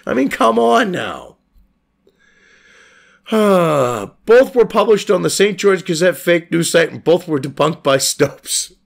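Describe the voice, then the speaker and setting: Casting: a man with a high, gravelly voice for a foul-mouthed, scornful news commentary host. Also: sing-song, slow. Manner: profane, scornful, mocking. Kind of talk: ranting commentary on a news article.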